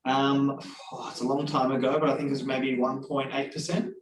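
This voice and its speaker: Seller in role-play, halting answers; off-mic, roomy echo. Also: male voice, mid-range voice, flat delivery, recorded from a distance. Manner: hesitant, many fillers. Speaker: role-playing home seller. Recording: echoey room from off-mic.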